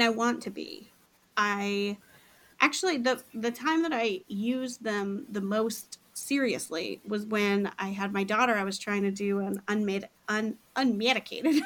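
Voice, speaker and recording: A woman's voice: mid-range voice, a bit bright. A woman in her forties hosting a podcast, talking casually in a chatty, self-deprecating way and laughing at herself. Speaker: podcast host.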